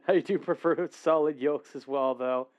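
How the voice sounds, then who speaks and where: A man's voice: fairly high pitch, darkish tone, lo-fi sound. A man streaming casually for his viewers, rambling, correcting himself and laughing as he reacts to a video.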